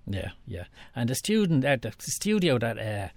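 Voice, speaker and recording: A man's voice: medium pitch, very animated, normal speed, gravelly, darkish tone, no echo. A man hosting a radio interview, asking short, friendly questions and adding brief affirmations. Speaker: radio host.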